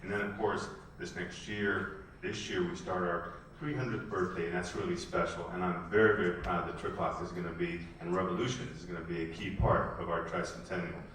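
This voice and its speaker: A man's voice: deep voice, flat delivery, brisk, fairly bright tone, distant mic, slight background noise. A man giving a formal welcome speech as a city official, hesitant and full of "uh" fillers. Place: theatre stage. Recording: echoey theatre, recorded from afar.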